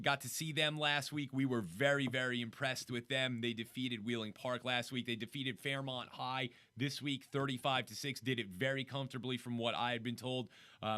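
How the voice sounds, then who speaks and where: A man's voice: medium pitch, bright, forceful tone. A man with a North Jersey accent hosting a sports show, chatting casually and reading off scores. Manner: chatty, reads off scores quickly.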